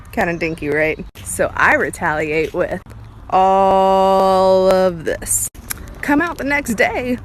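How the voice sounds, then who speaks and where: A woman's voice: mid-range voice, slight background noise. A woman telling a story with wry bragging while filming outdoors in her yard on a phone. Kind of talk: casual storytelling to a phone camera.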